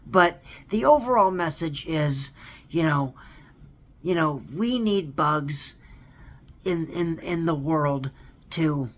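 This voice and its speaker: A man talks slowly and deliberately, stumbling over his words and doubling back on them. He keeps pressing his point with emphatic repeats, and he checks in with a pleading "okay?" as he vents in a casual rant. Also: a little high, fairly bright tone. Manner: earnest and emphatic. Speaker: theme park fan vlogger. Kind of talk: ranting casual monologue.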